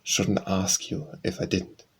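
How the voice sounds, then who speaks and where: A man reading an audiobook, voicing a gruff, abrupt elderly gentleman who is kindly underneath. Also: slow pace, lightly acted.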